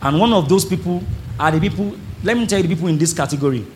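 Animated man preaching. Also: high voice, fast talker, a little hiss or hum. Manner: animated preaching, acts out congregants, calls on the audience. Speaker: pastor. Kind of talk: sermon. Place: church service before a congregation.

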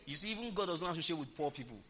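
A woman pastor delivers a sermon with a wildly swinging, lively pitch. Her tone is bright and forceful as she fires rhetorical questions at the congregation. She bursts into loud, emphatic exclamations. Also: very fast.

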